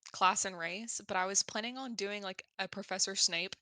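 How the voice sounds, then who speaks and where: Woman player, kinda hesitant, trips over her words, bright crisp voice. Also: medium pitch, normal speed, dry recording, clean studio sound. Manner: hesitant, stumbling starts. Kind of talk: casual chat.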